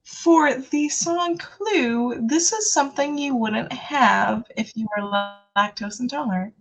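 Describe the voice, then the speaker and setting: A woman's voice: high voice, expressive, takes it slowly. A young adult woman co-hosting a casual morning show, upbeat and laughing often. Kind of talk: casual chat.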